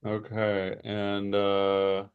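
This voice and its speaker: Male game master, relaxed slow delivery, rambling narration. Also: on the low side, smooth, narrow, tinny audio. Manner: unhurried, full of fillers. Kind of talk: running a tabletop game.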